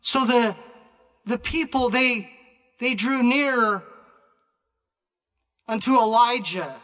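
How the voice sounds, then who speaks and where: A man preaching a sermon in a slow, deliberate way, with frequent pauses and restarts. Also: extremely high pitch, fairly bright tone. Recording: long reverb of a large hall.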